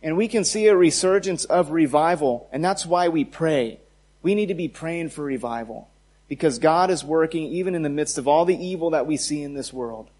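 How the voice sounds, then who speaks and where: Emphatic preaching man, higher voice. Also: normal speed, darkish tone. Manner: emphatic preaching with rising repeated phrases. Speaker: pastor. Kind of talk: sermon.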